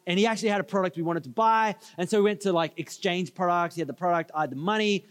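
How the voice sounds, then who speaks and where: A man's voice: high voice, fast, a bit bright, clear, resonant tone. A man preaching a sermon, telling stories with casual asides and getting the audience to answer back. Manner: storytelling, conversational asides, audience call-and-response. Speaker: pastor. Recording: reverberant hall.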